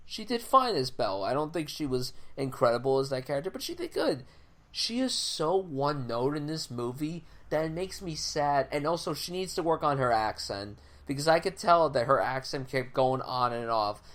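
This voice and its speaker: A man's voice: a little high, sing-song, normal speed. A young man co-hosting a film podcast, giving blunt, casual reviews, swearing often and restarting his sentences. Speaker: podcast co-host. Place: home, audio only.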